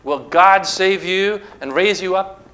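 A man preaching a sermon, retelling scripture stories with emphatic, dramatic delivery and slow stressed phrases. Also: high-pitched, bright, forceful tone, rough recording. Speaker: pastor.

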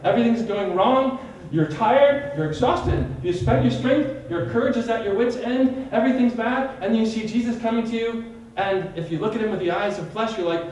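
A man's voice: high-pitched, normal speed, hardly any pauses, a little mellow, slight background noise. A man leading a Bible study, teaching in a sermon style, retelling vividly and quizzing his listeners by name. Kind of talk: teaching sermon with questions to a group. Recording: echoey room from far off.

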